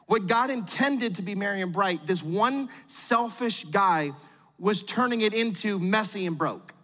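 A middle-aged man preaching a sermon as pastor, animated and acting out quotes in little voices. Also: high-pitched, a little slow, big-room sound.

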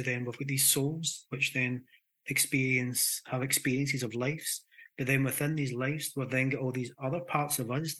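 Scottish male therapist guest, crisp bright voice, animated talker. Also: medium pitch. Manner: animated, explains with acted examples and restarts. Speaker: hypnotherapist guest. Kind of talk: conversational explanation.

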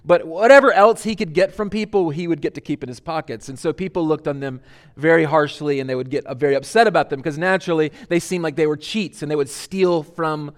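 A man's voice: fairly high pitch, brisk. A man preaching a sermon as lead pastor, conversational with many fillers and restarts.

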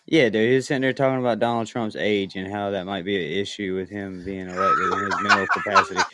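A man's voice: lowish voice, fairly even intonation, fast talker. Laid-back man on a noisy clicking call line. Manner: laughing, loose. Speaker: panel guest. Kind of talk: casual storytelling chat.

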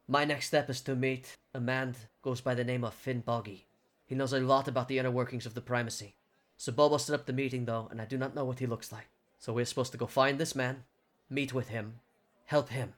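A man playing a stern male inquisitor in a tabletop game, measured and dryly sarcastic. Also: medium pitch, fairly even intonation, lightly acted. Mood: commanding.

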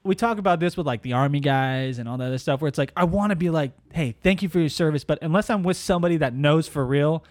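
A man's voice: on the high side, quick pace, hardly any pauses, no room sound, clean studio sound. A man casually telling a story on a podcast, rambling with restarts. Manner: rambling, restarts, animated retelling.

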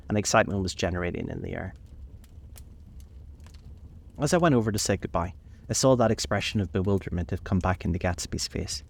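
A man narrating a classic novel in a measured, reflective reading, slowing on key passages. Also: deep voice, creaky.

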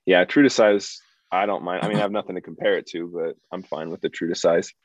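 A man talks in a loose, easygoing way on a casual podcast, his voice sitting low. The sound is dry with little room to it. It comes across slightly muffled. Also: steady tone, fast talker, no echo. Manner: laid-back, loose, full of "like". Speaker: podcast participant.

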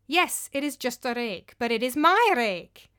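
Woman putting on a stern older woman, proud, commanding, deliberate, slightly high voice. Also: sing-song, a bit bright, clear, resonant tone.

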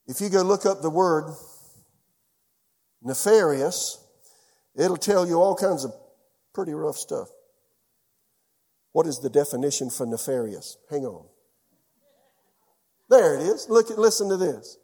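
A man preaching as a church pastor, telling a personal story in an animated way and often dropping suddenly to a quiet voice. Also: on the high side, normal speed, pauses often, breathy edge, long reverb tail. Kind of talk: sermon.

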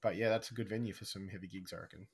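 A man co-hosting a music podcast in casual chat, talking fast with a slight lisp. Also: low voice, steady tone, slightly rough. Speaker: podcast co-host.

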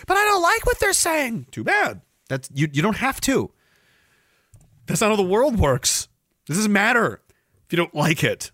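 This Canadian podcast host rants sarcastically on a livestream, swearing a lot, laughing often, and chatting profanely with viewers. His voice sits a little high and sounds a bit bright, recorded in clean studio quality with no room sound.

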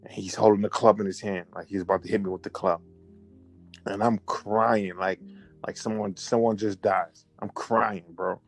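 Low-voiced man telling a story animatedly. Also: moderate pace, faint music behind. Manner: animated, repetitive, restarts and self-corrections. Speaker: storyteller recounting a memory. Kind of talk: casual conversational storytelling.

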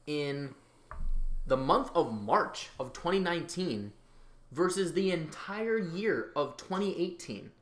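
A man co-hosting a casual talk show, joking and often jumping into high, excited exclaims. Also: slow. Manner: animated, jokey, bursts into high exclaims. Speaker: podcast co-host. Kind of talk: casual chat. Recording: echoey room with background noise.

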